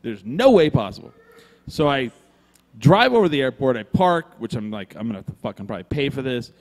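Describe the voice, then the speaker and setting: A man's voice: mid-range voice, brisk. A man recorded live in a brewery room with long reverb trailing his voice. He tells a rambling story casually, swearing freely and putting on the other people's lines as he goes. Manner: animated, swears freely, acts out quoted voices. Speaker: podcast co-host telling a story.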